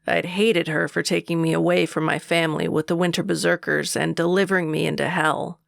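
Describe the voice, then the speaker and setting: Gravelly male audiobook narrator. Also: on the high side, flat delivery, brisk, fairly bright tone, no echo, clean studio sound. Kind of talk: first-person audiobook narration.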